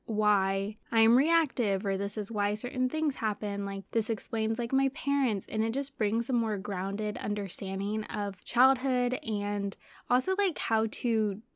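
A woman's voice: fairly high pitch, unhurried, no echo, clean studio sound. A young woman hosting a casual spiritual podcast, rambling and loose, with lots of "like" fillers. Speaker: podcast host.

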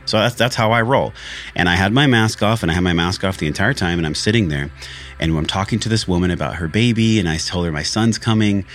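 A man's voice: low voice, fast talker, soft background music. A man hosting a podcast, talking earnestly and candidly about a spiritual journey, with frequent swearing. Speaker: podcast host. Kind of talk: candid reflective monologue.

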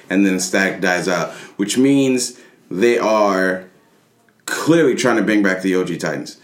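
A man's voice: deep voice, normal speed, roomy sound. A man co-hosting a podcast, giving enthusiastic opinions in casual chat. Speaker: podcast co-host. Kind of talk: casual chat about comics.

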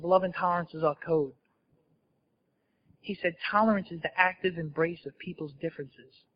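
A man's voice: on the high side, lo-fi sound. A man telling his recovery story at a meeting in a candid, self-mocking storytelling way. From New Jersey. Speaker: speaker sharing at a recovery meeting. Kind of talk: personal recovery talk to an audience.

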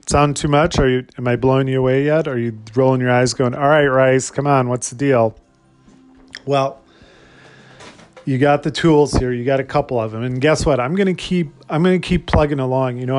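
A man's voice: medium pitch, steady tone, brisk, darkish tone. A man hosting a solo motivational podcast, talking energetically and asking his listeners lots of rhetorical questions. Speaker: podcast host.

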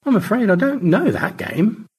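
A man's voice: wildly swooping pitch, moderate pace, husky, full character voice. A man voicing George, a pompous, languid old space adventurer who talks in grand, wordy phrases. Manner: grandiloquent, high and theatrical.

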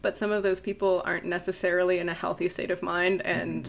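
A woman's voice: fairly low pitch, level tone, fairly quick, gravelly. A woman co-hosting a podcast in casual chat, speaking bluntly and matter-of-factly. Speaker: podcast co-host.

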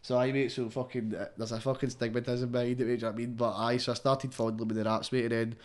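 A man's voice: mid-range voice, flat delivery, quick pace. A young man with a Scottish accent, a guest rapper chatting casually, rambling and swearing constantly, tagging everything with "mate.". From Scotland. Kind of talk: casual interview chat.

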